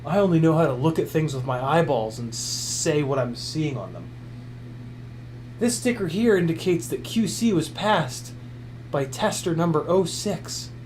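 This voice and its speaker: A man playing a clueless, oblivious gadget reviewer who talks about a product in a silly, mock-naive way. He sounds like he knows nothing and takes things at face value. His voice sits a little high for a man. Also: expressive, a little slow, a little mellow, slight background noise.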